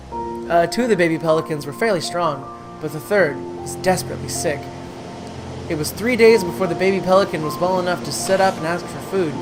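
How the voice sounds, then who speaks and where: A gaming creator playing a story game, reading its text aloud with stumbles and self-corrections and breaking into excited squeals. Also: mid-range voice, moderate pace. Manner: chatty, trips over words while reading and corrects itself; swings to excited squeals when delighted. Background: game music.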